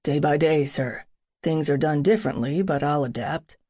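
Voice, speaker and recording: A woman's voice: deep voice, normal speed, mellow, pitched below the performer's own voice. A woman voicing a confident, protective young male soldier in an audiobook, with a dry, teasing way of talking.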